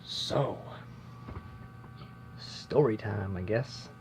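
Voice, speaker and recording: A man's voice: on the low side, very slow, a little mellow, soft background music. A young man rambling casually through a story from his old job, chatty and self-interrupting. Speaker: vlogger. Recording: dull lo-fi sound with faint noise.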